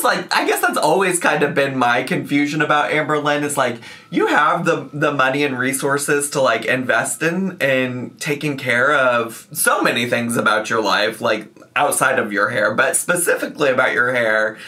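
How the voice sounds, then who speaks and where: A man's voice: mid-range voice, lively intonation, normal speed, hardly any pauses, sharp tone. A man giving casual reaction commentary, rambling and full of "like" fillers.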